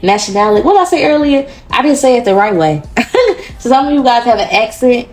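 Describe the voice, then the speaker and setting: A woman's voice: high-pitched, very animated, fairly quick, darkish tone. Chatty, profane woman tarot reader. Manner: chatty, profane and rambling, with frequent laughter. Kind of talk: casual pick-a-card tarot reading.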